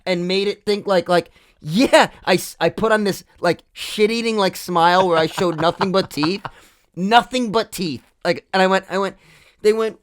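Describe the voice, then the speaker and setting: A man with a high-sitting voice speaks at normal speed while co-hosting a podcast. He tells a story in casual, profane chat, animated and acting out what people said.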